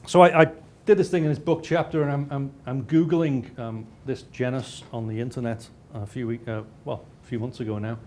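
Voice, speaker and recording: A man of middle pitch lectures over slides, stumbling and restarting often. He drops in dry, self-mocking jokes, and a faint hiss runs underneath. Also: steady tone, fairly quick, few pauses, darkish tone. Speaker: lecturer and researcher.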